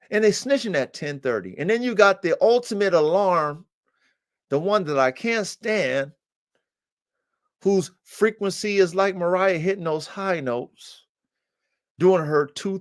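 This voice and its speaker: A man hosting a podcast about breeding dogs, telling a story in a casual, profane way and swinging into loud, high-pitched outbursts. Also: no room sound, studio quality. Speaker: podcast host and dog breeder.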